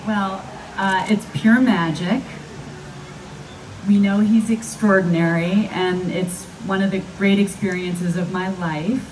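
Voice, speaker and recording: Animated woman telling stories on a panel. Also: mid-range voice, slow pace. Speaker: actress, panel guest. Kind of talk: live panel storytelling. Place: live fan event panel. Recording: distant mic with faint background noise.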